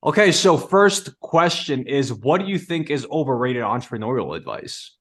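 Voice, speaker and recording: A man's voice: mid-range voice, big pitch swings, normal speed, a bit bright. A man hosting a podcast, with a slightly non-native accent, talking loosely with many "like"s and restarts. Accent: non-native English accent. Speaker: podcast host. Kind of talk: podcast interview.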